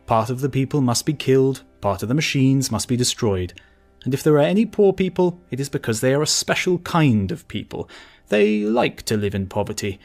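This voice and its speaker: Steady male audiobook narrator. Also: medium pitch. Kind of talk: scripted narration.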